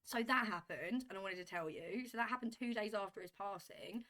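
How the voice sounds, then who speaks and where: A woman telling a story to camera in a vlog, animated and emphatic, repeating herself as she builds a point. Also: medium pitch, fairly quick. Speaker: vlogger.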